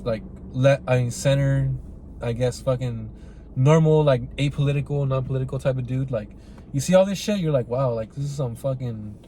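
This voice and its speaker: A man's voice: medium pitch, mellow, a little hiss or hum. A man hosting a podcast, giving a casual, rambling film review full of swearing and "like" and "right?". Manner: rambling and profane, heavy use of "like" and "right?".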